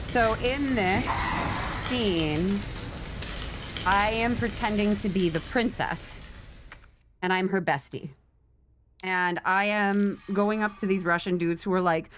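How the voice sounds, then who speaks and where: A woman's voice: medium pitch, unhurried, fairly bright tone, slight background noise. A tired young woman, a theater actor, explaining Shakespeare in sassy casual chat, with casual swearing. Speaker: guest on a game stream, theater actor.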